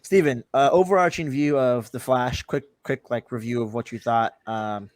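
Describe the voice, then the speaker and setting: A podcast co-host with a mid-range voice and fairly even intonation chats casually at a moderate pace, steering the topics. Slight background noise is present.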